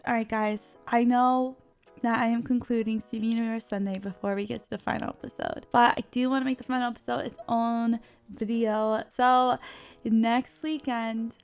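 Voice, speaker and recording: A woman's voice: on the high side, level tone, normal speed, darkish tone, clean tone, soft background music. A woman hosting a casual reaction video, exclaiming, laughing and talking back to the screen. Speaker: host reacting to a cartoon. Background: faint cartoon audio underneath.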